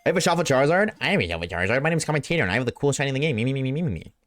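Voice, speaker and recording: A man's voice: mid-range voice, big pitch swings, racing, faint music behind, close to an everyday voice. A man doing a boastful male commentator. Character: boastful male sports-style commentator bragging.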